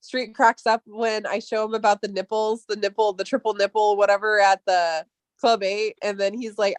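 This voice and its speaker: Her tone stays level and her speed normal as this Valley Girl woman, Californian accent and upspeak included, chats away, peppering her talk with "like" and casual swearing. She's chatty, laughs frequently and jumps in pitch when quoting, all in a dry recording without echo.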